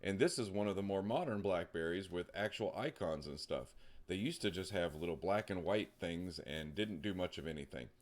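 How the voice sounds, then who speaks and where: A man hosting a comedy show who tells his stories in a deadpan, sarcastic way. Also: deep voice, moderate pace. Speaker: comedy host. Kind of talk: comedic storytelling.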